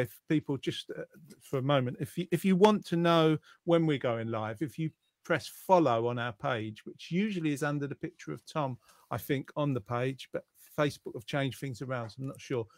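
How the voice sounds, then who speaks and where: A man's voice: mid-range voice, no echo, clean studio sound. A man hosting a live online quiz show in casual chat, reading out viewer comments with a jokey manner and lots of fillers. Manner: chatty and jokey, with frequent fillers.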